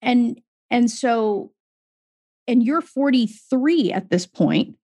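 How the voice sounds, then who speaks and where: A woman's voice: a little high, lively intonation, slow pace, mellow, breathy edge, no echo. A woman hosting an interview, reacting effusively and recapping her guest's story. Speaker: podcast host. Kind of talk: conversational interview.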